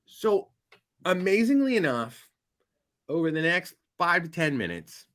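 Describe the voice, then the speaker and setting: A man telling a long anecdote as a podcast guest, animated and building to loud punchlines. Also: fairly high pitch, unhurried. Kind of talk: casual storytelling.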